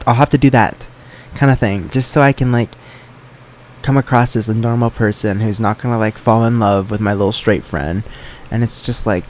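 A man's voice: medium pitch, brisk, darkish tone. A young man hosting a solo podcast, rambling in a joking, self-deprecating way. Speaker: podcast host.

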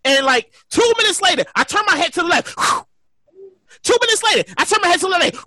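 A woman hosting a podcast, telling a story in a casual, animated way, swearing and repeating her lines. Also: very high-pitched, a little fast, no room sound. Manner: animated, profane, repeats herself. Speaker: podcast host.

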